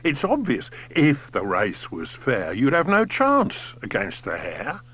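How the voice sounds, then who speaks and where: A man's voice: mid-range voice, huge pitch swings, slow, a bit bright, breathy edge, pitched below the performer's own voice, heavily acted. A man reading an audiobook and voicing a crafty male rat mechanic who talks in a knowing, condescending way. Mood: knowing, dismissive.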